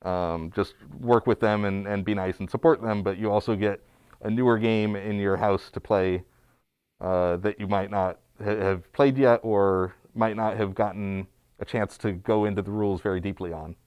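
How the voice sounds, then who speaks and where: A man's voice: fairly low pitch, steady tone, moderate pace, a little mellow, smooth, dry recording. A man who is a guest pinball technician, chatting casually on a livestream with many fillers and restarts. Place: small studio.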